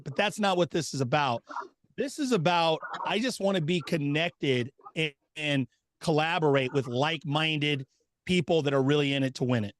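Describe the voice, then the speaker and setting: An upbeat man hosts a casual group video call, welcoming everyone by name in a loose, chatty way. His voice sits a little high, and the sound is dry and close with no room around it. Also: dry recording. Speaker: host of a members' video call.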